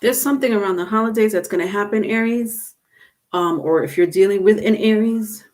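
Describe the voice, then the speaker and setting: A woman's voice: mid-range voice, a little fast, darkish tone. A woman reads tarot on a live stream in a mid-range voice. She talks casually and turns to viewers by name. Her pace is loose and conversational. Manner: chatty, answers viewers by name. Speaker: tarot reader.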